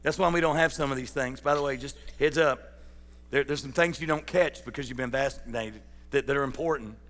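A man's voice: mid-range voice, a little fast, a bit bright, big-room sound. A man preaching a sermon as pastor, folksy and joking, putting questions to his congregation. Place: church sanctuary.

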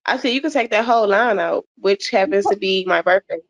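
A woman adult learner reading sentences aloud, halting and correcting herself as she goes. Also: mid-range voice, dry recording. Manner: halting, self-correcting reader.

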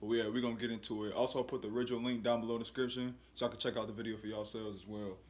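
A man's voice: mid-range voice, little pitch movement, very fast. A man hosting a casual YouTube reaction video, laid-back and sprinkling his talk with slang.

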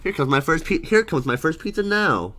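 A man's voice: on the high side, sing-song, a little fast, bright, forceful tone. A man voicing a puzzled talking box that packs pizzas in a fan-made object show cartoon, chatty and bemused.

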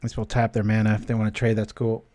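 A man's voice: lowish voice, completely flat delivery, fast, mellow, no room sound. A man giving casual gameplay commentary while reading his stream chat, chatty and joking. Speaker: streamer playing a card game.

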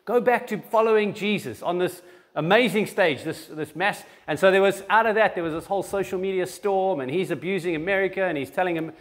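Conversational pastor man, slightly high voice. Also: a little fast. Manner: conversational, with frequent restarts and repeated words. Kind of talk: sermon with church announcements. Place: church.

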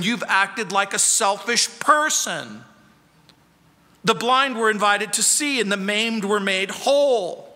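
High, bright-voiced preacher in a hall. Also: male voice. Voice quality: shifts between quiet intimate tones and sharp lively questions. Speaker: pastor. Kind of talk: sermon. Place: church sanctuary. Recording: church hall with long reverb.

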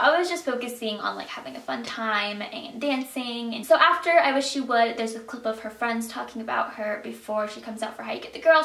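A teenage girl telling a storytime vlog in an excitable, chatty way with lots of fillers. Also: fairly high pitch, gravelly. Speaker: vlogger. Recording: echoey room.

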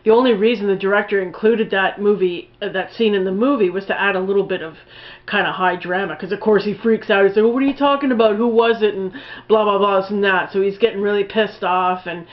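A woman's voice: medium pitch, fairly even intonation, fairly quick, dull audio. A woman giving a casual spoken film review, blunt and profane, rambling with lots of fillers.

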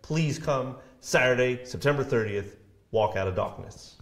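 A man's voice: mid-range voice, moderate pace. A man co-hosting a local TV live show, chatting casually and teasing his co-hosts, recorded in an echoey room. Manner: joking, animated, teasing. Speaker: co-host of a county TV live show.

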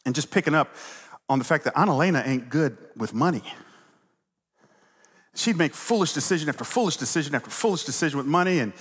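A middle-aged man preaching a sermon as pastor, telling stories with animated swings from loud to hushed. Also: mid-range voice, breathy edge. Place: church sanctuary. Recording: long reverb of a large hall.

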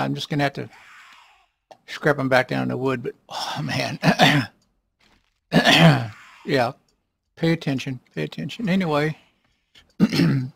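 A man giving casual, rambling commentary while playing a survival game, often clearing his throat. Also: medium pitch. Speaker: let's play gamer.

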